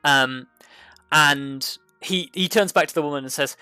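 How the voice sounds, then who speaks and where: Man, game master, halting narration, many fillers, bright, smooth, dry. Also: on the high side, dry recording, faint music behind.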